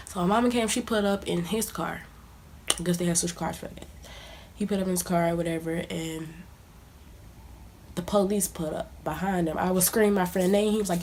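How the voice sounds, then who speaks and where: This young vlogger speaks quickly in a steady, darkish, low-leaning voice, with a bit of hiss or hum in the background. She casually tells a personal story in conversational fashion, at times dropping almost to a whisper.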